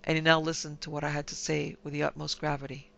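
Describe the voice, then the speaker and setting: A man giving measured, grave scripted narration of a horror story. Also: a little high, monotone, vocal fry, a bit bright, poor audio.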